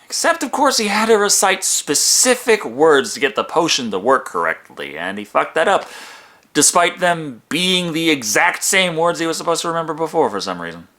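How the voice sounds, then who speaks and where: A man narrating a comedic movie review in a sarcastic, profane, animated way. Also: on the high side, normal speed, slight background noise.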